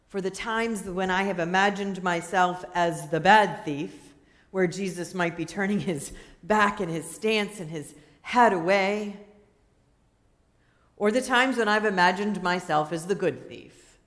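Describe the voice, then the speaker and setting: A woman pastor preaches in an unhurried, chatty way, often checking in with her listeners. Her voice sits at an ordinary mid pitch, and she is speaking in a church sanctuary. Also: fairly bright tone. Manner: conversational, asks the listeners questions, light laughter. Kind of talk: sermon.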